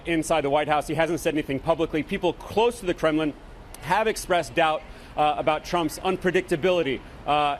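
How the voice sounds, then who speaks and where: A male foreign correspondent giving a measured live news report, with a few restarts. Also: on the high side, a little hiss or hum.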